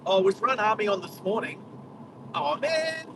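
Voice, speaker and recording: Chatty high-voiced Australian man driving. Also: fairly even intonation, fast talker. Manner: chatty, exclaims at wildlife, talks to live chat. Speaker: driving livestream host. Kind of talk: casual live driving commentary. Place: inside a moving car on a country road. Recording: distant car mic with road noise.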